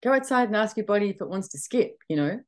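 A middle-aged woman from Australia hosting a podcast, giving a motivational talk to an audience in a chatty, animated way full of quoted self-talk. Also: medium pitch, quick pace. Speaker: podcast host.

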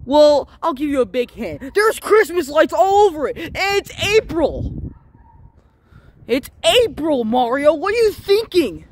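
Fussy male landlord, played by a woman, high animated voice, nags and bosses, homemade plush comedy. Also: a little slow. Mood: nagging. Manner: nagging, bossy complaints.

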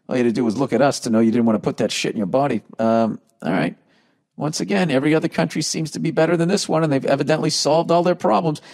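A middle-aged man with a Boston accent hosting a podcast, reading listener emails aloud and answering with sarcastic, profanity-heavy rants that swing from mocking high jabs to low grumbling. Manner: sarcastic, swears heavily, swings between mocking highs and grumbling lows. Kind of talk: profane comedic podcast rant.

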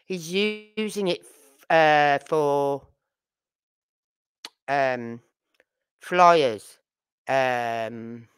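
A woman's voice: low-pitched, drawn-out words, long pauses, clean tone. A middle-aged woman with a Birmingham accent, chatting casually and rambling to a live audience. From Birmingham, England. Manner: chatty, rambling, with fillers and asides. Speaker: livestream host.

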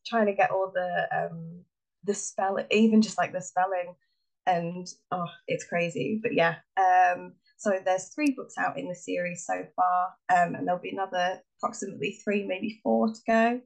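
A woman's voice: on the low side, steady tone, normal speed, gravelly, low-quality recording. Chatty English woman, hesitant. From England. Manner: hesitant, lots of ums, laughs easily. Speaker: guest author. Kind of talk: casual podcast chat.

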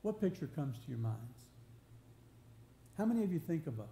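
A man's voice: fairly high pitch, sing-song, moderate pace, vocal fry, pauses often, dark tone. A man preaching a sermon, earnest and conversational, often restarting and building emphasis. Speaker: pastor. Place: church sanctuary. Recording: roomy church live stream with faint hum.

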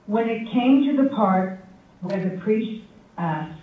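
A high-voiced man delivers a prepared tribute in an unhurried, wry storytelling manner. He sounds thin and phone-like, caught from a distance in a very echoey hall. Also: animated, a little hiss or hum. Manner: measured storytelling with a wry, affectionate tone. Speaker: tribute speaker at a memorial forum. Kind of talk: prepared anecdotal tribute speech. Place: university forum hall with audience.

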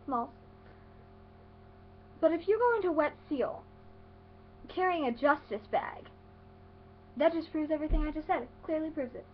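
A woman's voice: high-pitched, highs cut off, slight background noise. A teenage girl vlogging in a sarcastic, rambling way, talking into a webcam. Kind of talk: casual vlog rant.

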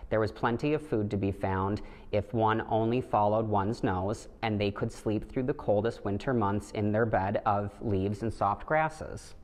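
Deep-voiced man reading a picture book. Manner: gentle, steady storytelling with light voices for the animals. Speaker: storybook reader. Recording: long hall reverb.

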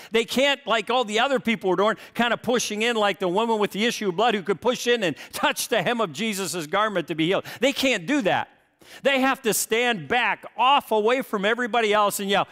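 A man's voice: high-pitched, a bit bright, big-room sound. A middle-aged male pastor preaching a sermon, telling a story vividly with stacked rhetorical questions and words repeated as he builds intensity.

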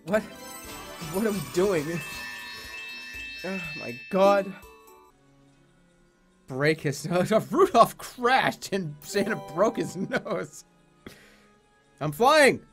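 A man talking over a video game as a streamer, with a lively pitch that jumps between mutters and exasperated outbursts. He swears and laughs freely, and faint game music plays beneath his voice. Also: extremely slow, pauses often. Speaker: streamer playing video games. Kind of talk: gaming commentary.

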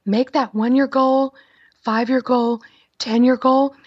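A middle-aged woman with a raspy, breathy voice, talking in an upbeat, chatty way as an interview guest. Her pitch sits on the high side, and the dry sound comes through a muffled remote line. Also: steady tone, slow, a little mellow, dry recording. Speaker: guest, wedding planner. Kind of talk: casual interview talk.

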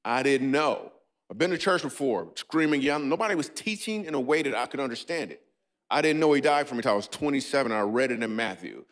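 A man's voice: animated, quick pace, a bit bright. A man doing a stand-up comedy set on a church stage, riffing playfully with a live audience. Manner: playful, riffing with the audience, breaks into squeaky and goofy voices.

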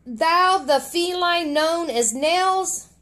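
A woman's voice: very high voice, extremely slow, fairly bright tone, exaggerated voice. A woman voicing a noble male frog hero who speaks in a stiff, old-fashioned formal manner in a casual storybook reading. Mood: solemn.

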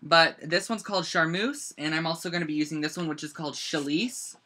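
Speaking fairly quickly in a mid-range voice over background noise, this teen scrapbooking instructor chats casually during a live-streamed craft demo from their bedroom. They ramble on and lean heavily on "like."

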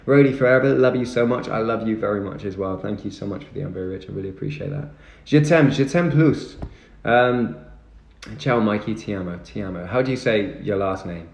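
Fast and creaky, his voice on the low side, a young man chats casually on a live stream. He thanks viewers and answers their comments, recorded in an echoey room with background music.

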